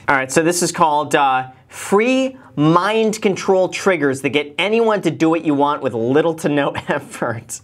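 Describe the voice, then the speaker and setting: A man hosting a casual reaction video, animated and joking, with mocking asides. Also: high voice, normal speed. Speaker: host, finance YouTuber.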